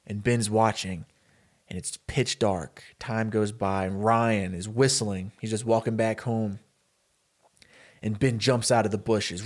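A man co-hosting a podcast, telling a story in a loose, rambling, animated way with many fillers. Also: fairly low pitch, measured pace. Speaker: podcast co-host. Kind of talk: casual storytelling pitch.

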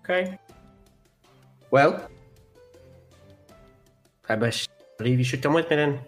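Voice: medium pitch, animated, slow pace, soft background music. A player in a tabletop game, asking practical questions in a plain way. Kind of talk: casual tabletop role-play.

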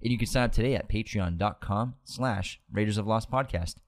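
A man's voice: on the low side, a little fast. A man co-hosting a casual movie podcast and running a quiz, joking and teasing his co-host.

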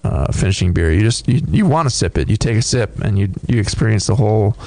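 A man co-hosting a beer podcast, casually describing a tasting in a thoughtful, halting way with many fillers. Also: lowish voice, lively intonation, a little mellow, no echo. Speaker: podcast co-host reviewing beer.

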